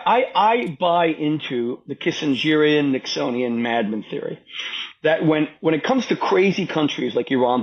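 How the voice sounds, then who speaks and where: A man's voice: a little high, highs cut off. A man, a rabbi and podcast guest, arguing politics emphatically and repeating himself for stress while others cut in. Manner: emphatic, repetitive, talks over interruptions. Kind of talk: heated political conversation.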